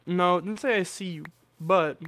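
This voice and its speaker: A man's voice: sits high, normal speed, fairly bright tone, dry recording. A young man livestreaming a game with a friend, chatting casually and joking around. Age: young adult. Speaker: gaming streamer. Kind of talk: casual gaming livestream chat.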